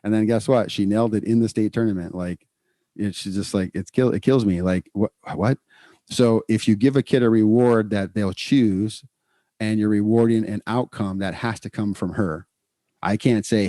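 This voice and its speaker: A middle-aged man co-hosting a podcast in casual, energetic chat, repeating words for emphasis. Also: on the low side, moderate pace, no echo, clean studio sound. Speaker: podcast co-host, psychologist.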